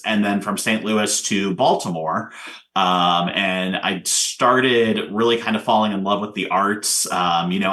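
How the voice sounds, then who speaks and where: A man's voice: fairly low pitch, sharp tone. A man from Indiana, a theater director, talking casually about his career as an interview guest, rambling with many fillers.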